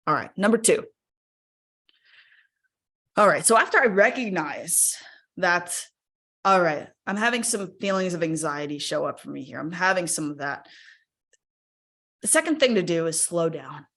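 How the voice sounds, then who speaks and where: A woman's voice: lowish voice, expressive, unhurried, pauses often, a bit bright. A woman speaking casually in a live webinar, chatty and encouraging, often checking in with her audience with "right?". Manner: encouraging, invites audience to use the chat.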